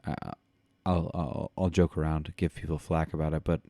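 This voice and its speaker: A man's voice: a bass voice, little pitch movement, moderate pace, mellow, no room sound. A man co-hosting a podcast, reading news aloud and commenting in a rambling way with many fillers. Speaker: podcast co-host.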